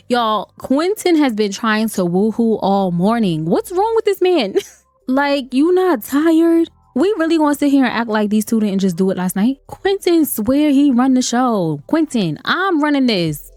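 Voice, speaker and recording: A woman's voice: sits high, big pitch swings, normal speed, darkish tone, no echo, faint music behind. A woman giving playful, chatty commentary over a life-sim game, laughing often. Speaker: let's play host. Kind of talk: gameplay commentary.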